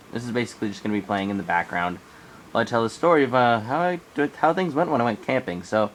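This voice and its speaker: A teenage man from Arizona with a cold, telling a rambling camping story in a casual vlog. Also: a little hiss or hum. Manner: rambling, animated in quoted bits. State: coming down with a cold. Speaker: vlogger. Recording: faint background ambience, low quality.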